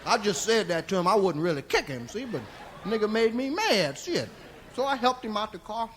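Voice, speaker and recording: A comedian playing a crude, rambling old storyteller, telling a long tale with chuckling asides on a live comedy record. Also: male voice, high-pitched, very animated, normal speed, a faint crowd, slight background noise, pitched below the performer's own voice. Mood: drawling, rowdy. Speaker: stand-up comedian. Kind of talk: stand-up character monologue. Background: audience laughter.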